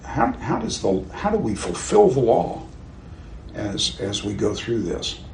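A man's voice: fairly low pitch, sing-song, measured pace, vocal fry, darkish tone. An older man teaching a Bible class in a conversational way, asking his listeners questions and chuckling at his own stories. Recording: roomy with faint background noise.

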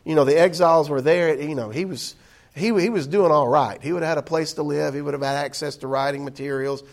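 Man leading a Bible class, fairly high voice, relaxed and chatty, full of um and uh. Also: quick pace. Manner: conversational, with frequent fillers and restarts. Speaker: Bible study teacher. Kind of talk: casual classroom teaching. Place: indoor meeting room.

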